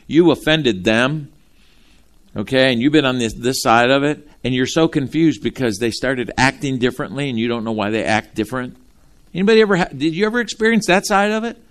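A man preaching a sermon from Ohio, animated and folksy, calling out to his congregation. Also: fairly high pitch, brisk. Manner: animated, talks straight to the congregation with folksy asides. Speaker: pastor.

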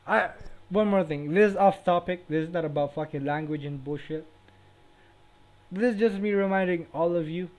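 A young man with a slightly high voice rambles through a casual podcast chat. He swears constantly and keeps breaking into laughs as he makes his point. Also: moderate pace, a little mellow. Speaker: podcast co-host.

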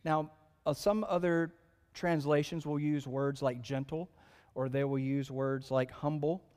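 Brief: male pastor, casual sermon delivery, slightly high voice, long-reverb sanctuary. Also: fairly even intonation, unhurried, a little mellow, smooth. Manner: conversational, joking asides.

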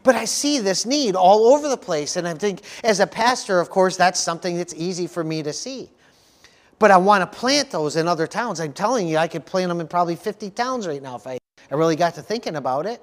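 Preaching to a church congregation, a man with a high-pitched, expressive voice speaks fairly quickly. His delivery is earnest and repetitive, punctuated by frequent calls for an "amen."

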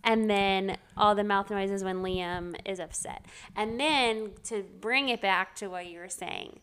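Woman podcast co-host, casual chat, lots of "like", mid-pitched voice. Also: unhurried, a bit bright, smooth. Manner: chatty, fills speech with "like", laughs often.

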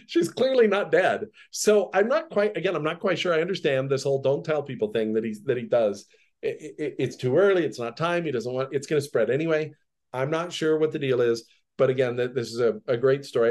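A male podcast Bible teacher with a voice pitched at an everyday middle. He moves between reading the text aloud and loose, conversational commentary. Easy chuckles keep slipping in as he talks. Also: darkish tone. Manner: conversational, laughs often, reads a passage then comments.

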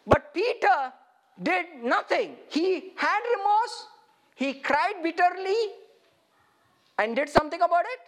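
A man preaching an interactive sermon, animated and putting questions straight to his listeners. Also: very high-pitched, measured pace.

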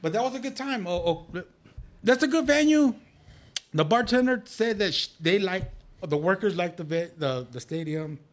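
A man from Arizona telling animated stories in casual podcast chat, laughing often and acting out the voices he quotes. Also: high voice, moderate pace. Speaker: podcast guest.

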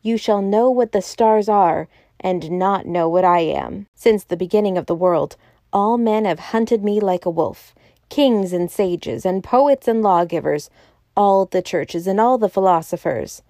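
Woman voicing enormous riddling man, smooth mocking tone, mellow, dry close sound. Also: medium pitch, measured pace, no room sound, lightly acted. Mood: grand. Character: huge, genial, riddling old male president.

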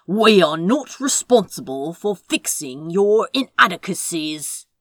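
A woman's voice: on the low side, sing-song, slow, fairly bright tone, dry recording, studio quality, full character voice. A woman voicing a short-tempered young male sorcerer who grumbles sarcastically. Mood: sulky.

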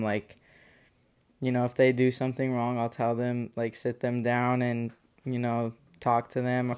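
A man in his twenties, a podcast co-host talking casually and relaxed, hedging with "like" and "you know". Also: mid-range voice, clean tone. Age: 20s. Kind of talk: casual chat.

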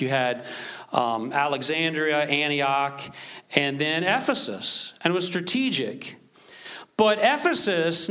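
A man's voice: on the high side, sharp tone. A man preaching a sermon, reading scripture with rising emphasis and talking conversationally to the congregation. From United States. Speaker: pastor.

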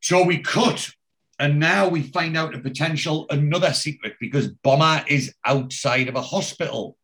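A man's voice: fairly high pitch, moderate pace, a bit bright. Man, podcast host, casual recap, rambling, lots of fillers. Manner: rambling storytelling with many fillers.

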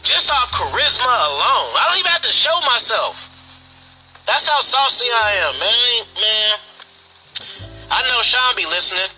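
A man's voice: very high-pitched, sing-song, measured pace, sharp tone, soft background music, rough recording. A man hosting a casual podcast monologue, boastful and swaggering, with profane street slang. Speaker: podcast host. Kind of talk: casual live-stream monologue.

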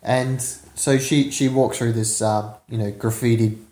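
A man co-hosts a casual film podcast, retelling scenes with swearing and laughter. His voice is mellow and relaxed. The room around him is echoey. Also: mid-range voice, a little slow. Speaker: podcast co-host. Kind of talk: casual movie recap chat.

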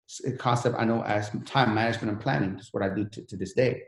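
A man's voice: lowish voice, steady tone, fast talker, vocal fry, hardly any pauses, echoey room. A man who came to the country as a refugee, telling his life story in an interview in an earnest, motivational way. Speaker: guest.

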